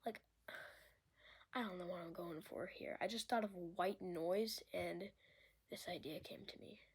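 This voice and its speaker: A woman whispering softly as she makes relaxing ASMR sounds, rambling and a little self-conscious. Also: fairly low pitch, measured pace, breathy edge. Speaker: video creator.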